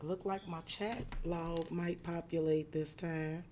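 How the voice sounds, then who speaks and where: A woman tarot reader chatting casually on a live stream, greeting viewers by name and slipping into soft asides. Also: lowish voice, fairly even intonation, slow pace, background noise. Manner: drops into soft asides while fiddling with setup.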